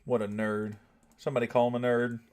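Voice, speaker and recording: A man's voice: mid-range voice, level tone, brisk, a little mellow. A young man with a Southern US accent, chatting casually with his viewers while streaming a game, joking and laid-back. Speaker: gaming streamer. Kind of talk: casual live-stream chat.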